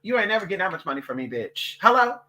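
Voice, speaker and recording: An adult vlogger ranting to camera, loud and profane, swearing constantly and slipping into mocking voices for other people. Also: medium pitch, very animated, quick pace. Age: adult, parent of a toddler.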